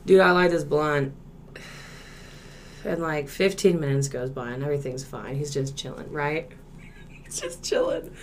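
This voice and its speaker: A young woman, telling a story in casual podcast chat, laid-back and swearing, loud when she acts out quotes. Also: low voice, fairly even intonation, normal speed, pauses often, slight background noise. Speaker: podcast co-host.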